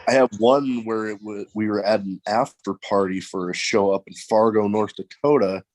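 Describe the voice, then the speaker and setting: A man from the American Midwest hosting a casual chat, relaxed and halting, with long pauses. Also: lowish voice, low-quality recording. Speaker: podcast host.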